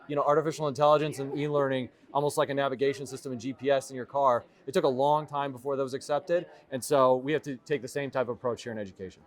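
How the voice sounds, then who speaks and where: A middle-aged man answers interview questions at a conference. He talks in a thoughtful, halting way, often restarting his sentences, and his pitch sits in a middle range. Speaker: award-winning guest. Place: conference venue.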